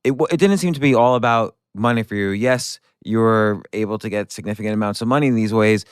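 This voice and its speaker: A man's voice: on the low side, fast, clean tone, no room sound, studio quality. A man hosting a podcast, asking curious questions and often restarting his phrases as he works them out. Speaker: podcast host. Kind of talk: interview questions.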